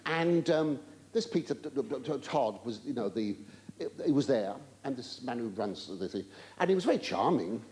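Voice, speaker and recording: An older man doing live stand-up comedy in a large theatre, camp and rambling, with drawn-out exclamations and stammering asides. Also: medium pitch, sing-song, darkish tone. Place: large theatre stage with an audience. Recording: roomy live theatre recording with audience noise.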